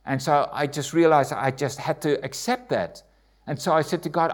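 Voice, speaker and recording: Man giving an emotional church testimony. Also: normal speed. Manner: heartfelt storytelling, acts out dialogue with rising pitch; frequent hesitations and restarts.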